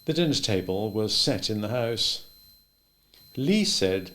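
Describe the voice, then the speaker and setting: A man reading a classic novel aloud in a plain, even, unhurried way. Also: on the low side. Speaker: reader. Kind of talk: audiobook narration.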